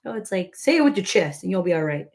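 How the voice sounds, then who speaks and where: A woman's voice: fairly low pitch, big pitch swings, quick pace, vocal fry, darkish tone. Chatty woman rambling at home. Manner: rambling and chatty, heavy on filler words. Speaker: crochet vlogger. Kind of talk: casual chat while crocheting.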